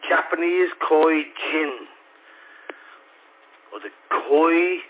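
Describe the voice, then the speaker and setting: A man's voice: on the high side, very slow. A man, rambling and taunting as he calls out over an amateur radio repeater. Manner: rambling, taunting, sing-song. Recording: tinny radio transmission, faint noise.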